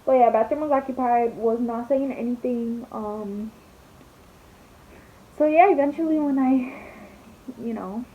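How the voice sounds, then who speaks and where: A woman's voice: on the high side, unhurried, long pauses, slightly rough. A young woman vlogger telling a story in a chatty, dramatic way, swearing and saying "like" a lot while she does her makeup. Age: young adult. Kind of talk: casual storytelling vlog. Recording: slightly dull recording, faint hiss.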